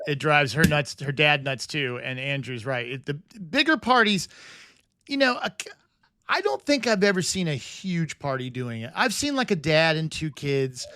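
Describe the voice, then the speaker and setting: A man with a slightly raised pitch rambles through a pet peeve, second-guessing himself and firing off rhetorical questions. The sound is dry and close to the mic. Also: animated, moderate pace, pushed and bright, no echo. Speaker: podcast co-host. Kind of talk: casual chat.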